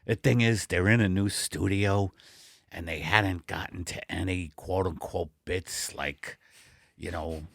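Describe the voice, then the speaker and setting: A man voicing Al, a bumbling, apologetic middle-aged husband, in a low mumbling voice in an improvised comedy sketch. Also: steady tone, unhurried, no echo, studio quality, heavily acted. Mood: sheepish. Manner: low, gravelly, mumbling and sheepish. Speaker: comedy podcast co-host.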